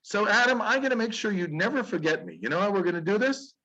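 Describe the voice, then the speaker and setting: A stern, emphatic God, played by a man telling a story, speaks in a raised, swooping voice that scolds and insists over and over. The tone is husky, and the sound comes through dull and lo-fi. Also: high voice, lively intonation, fast, bright, forceful tone, voice pushed up, exaggerated voice. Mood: earnest, admonishing. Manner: emphatic, scolding, pleading repetition. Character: God, stern yet caring, speaking to humans.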